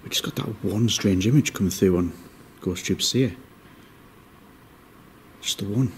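A man giving ghost-hunting vlog commentary, moving between hushed asides and raised calls to spirits in a cold indoor room. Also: fairly low pitch, a little slow, a little hiss or hum. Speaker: paranormal investigator.

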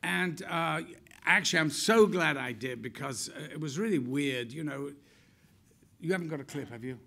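Older actor, raconteur type; gravelly, bright, bawdy stage storyteller. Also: male voice, fairly high pitch, normal speed, a little hiss or hum. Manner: lively, irreverent storyteller, acts out quotes. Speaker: actor telling stories. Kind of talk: on-stage interview anecdote.

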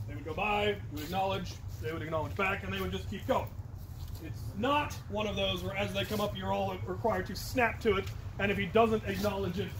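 A man's voice: high-pitched, a little hiss or hum. A man leading a crew, giving an earnest instructional talk that explains its protocols. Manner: earnest, explanatory, with bursts of loud call-outs. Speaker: captain of a hobby combat crew, instructor.

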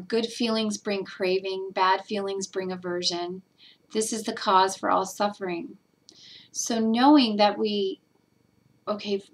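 A woman's voice: mid-range voice, fairly bright tone. Earnest, teary woman vlogger. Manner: earnest, emotional, rambling with fillers. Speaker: spiritual vlogger. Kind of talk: casual personal talk.

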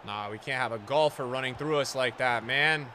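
A young man giving live commentary on his own football video game match to his chat, excitable, swearing often and yelling at big plays. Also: medium pitch, normal speed, slight background noise. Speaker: game streamer.

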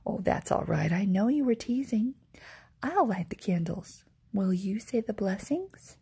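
A woman voicing a kindly, fussy old grandmother in a whispered role-play, soft, doting and chatty. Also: mid-range voice, lively intonation, unhurried, husky, exaggerated voice.

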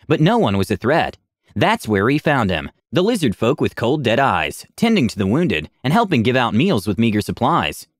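A man narrating a tabletop game story in a scripted, lively storytelling style. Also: medium pitch, normal speed, dry recording, clean studio sound.

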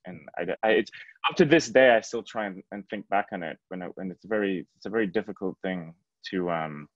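A man's voice: low-pitched, brisk, dry recording, highs cut off. A man, a cinematographer, answering on a panel in a casual, searching way. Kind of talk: panel discussion.

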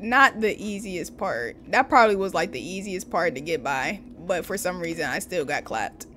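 A woman's voice: lowish voice, animated, normal speed, sharp tone, slight background noise. A woman hosting a gaming channel, chatting to viewers and yelping when startled, her voice slightly worn. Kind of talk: casual horror game commentary. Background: game music.

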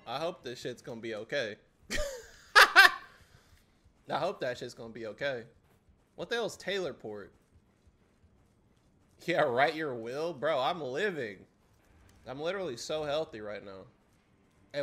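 A man's voice: mid-range voice, fairly bright tone. A young adult man streaming a game live, trash-talking and teasing his chat with a lot of swearing. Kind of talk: live-stream gameplay commentary.

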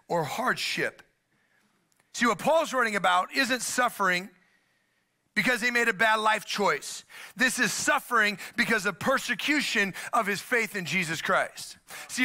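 High, bright-voiced preaching man. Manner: animated preaching, acting out quoted voices. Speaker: pastor. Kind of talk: sermon.

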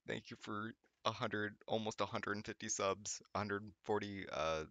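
A man with a fairly low but bright, pushing voice reads a text aloud for laughs. He stumbles over words, groans and breaks off to make sarcastic remarks. The sound is dry and close, as if recorded in a small home studio. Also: lively intonation, slow pace, no room sound, muffled recording. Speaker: YouTuber reading fanfiction aloud. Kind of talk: comedic reading with sarcastic commentary.

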